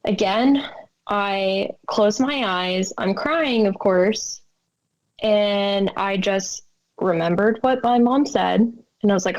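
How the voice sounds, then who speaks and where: A woman's voice: medium pitch, takes it slowly, lo-fi sound. A woman as a podcast guest, telling a personal story with emotion and acting out the lines of people in it. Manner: emotional storytelling, acts out quotes.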